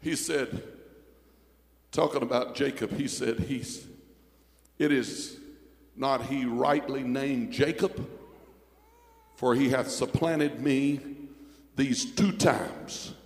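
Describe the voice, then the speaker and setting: A man preaching a fervent sermon in a church, building up to loud shouts. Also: medium pitch, steady tone, slow, pauses often, echoey room, big-room sound. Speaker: pastor.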